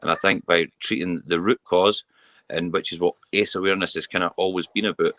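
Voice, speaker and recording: A man's voice: sits low, fairly even intonation, fairly quick, a bit bright, no room sound. A Scottish man speaking candidly as a guest about men's mental health, earnest and often repeating words as he restarts. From Scotland. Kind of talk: candid interview talk.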